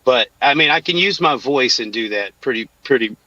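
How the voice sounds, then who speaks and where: A man in a casual group chat who speaks haltingly, repeating words as he thinks. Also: mid-range voice, animated, sharp tone, dry recording. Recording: dry, dull lo-fi audio.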